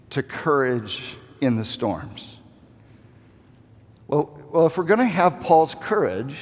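A man preaching a sermon, rising to emphatic passages and then dropping to slow, quiet repetition of key phrases. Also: on the high side, big-room sound.

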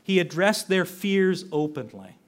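Older male preacher, slightly high voice, earnest conversational sermon delivery. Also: lively intonation, unhurried. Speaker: pastor.

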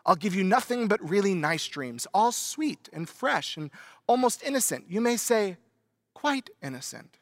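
Brief: coaxing little lizard voice, a preacher putting it on, higher and gravelly, pleading to stay alive. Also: male voice, big pitch swings, measured pace, fairly bright tone, no room sound, heavily acted. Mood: wheedling. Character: small wheedling male lizard of the flesh.

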